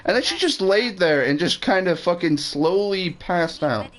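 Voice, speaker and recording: A man's voice: high-pitched, expressive, moderate pace, low-quality recording. Rambling, foul-mouthed male streamer. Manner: rambling, swears freely, restarts sentences. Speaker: game streamer. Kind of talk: casual storytelling while gaming.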